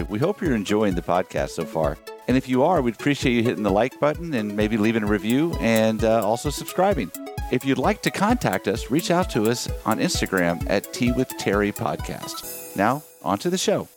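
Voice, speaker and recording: A man co-hosting a podcast, with a lively voice that swings up and down in pitch. He teases his co-host and prompts her with questions, and faint music plays behind him. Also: a little fast. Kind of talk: podcast intro and casual chat.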